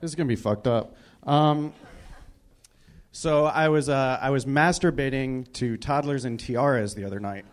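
A man's voice: medium pitch, normal speed. A young man doing stand-up in a small club, with an awkward, hesitant delivery full of fillers. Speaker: stand-up comedian. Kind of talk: stand-up comedy set.

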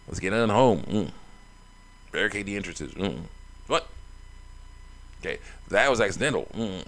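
Male let's-play host: low, gravelly, rambling, laughs a lot. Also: fairly bright tone. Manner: chatty, rambling, laughs often. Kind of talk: casual game commentary.

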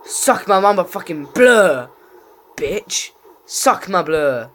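A man commentating his own gameplay, raging, swearing and yelling at opponents. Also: sits high, big pitch swings, slow pace. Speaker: gaming channel host.

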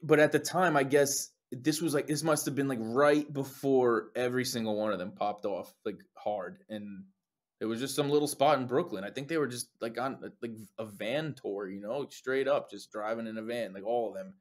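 A young man from New Jersey, a singer and guest, talks at normal speed in a mid-range voice. He narrates stories in casual chat with plenty of animation, swears a lot, and mimics what others told him.

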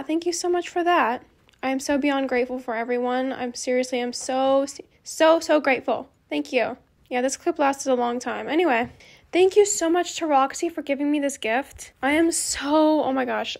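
A teenage girl giving a casual, rambling voice-over for her gaming channel, earnestly repeating her thanks. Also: high voice. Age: teens. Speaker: gaming YouTuber.

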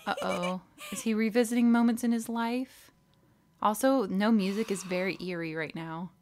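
A woman giving chatty, excitable commentary while playing a video game. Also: mid-range voice, normal speed, slight background noise. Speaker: let's play gamer. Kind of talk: casual gameplay commentary.

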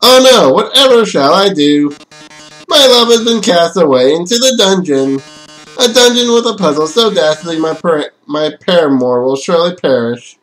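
A flamboyant robot showman, as a man puts him on with a raised, bright voice, swooning and taunting in over-the-top melodrama. He plays a game-show villain with relish, loud and theatrical, and his lines are drawn out for effect. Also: high-pitched, lively intonation, normal speed, faint music behind, pitched above the performer's own voice, rough recording. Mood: mock grief. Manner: hammy, melodramatic, mock-villainous.

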